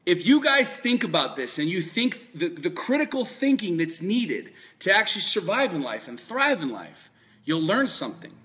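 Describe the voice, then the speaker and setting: High, animated man ranting and swearing. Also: normal speed. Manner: emphatic, repetitive, swears a lot. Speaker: political commentator. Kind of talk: profane, fired-up monologue.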